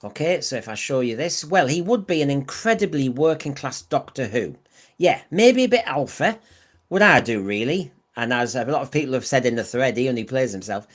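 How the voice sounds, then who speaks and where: A man's voice: medium pitch, animated, normal speed. A man hosting a podcast in casual discussion, who often repeats words and restarts his sentences. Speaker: podcast host.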